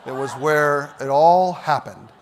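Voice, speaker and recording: Animated man telling stories in a hall. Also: fairly high pitch, slow pace, a faint crowd. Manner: animated, shouts punchlines. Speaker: keynote speaker. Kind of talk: storytelling speech. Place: large hall. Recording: long hall reverb.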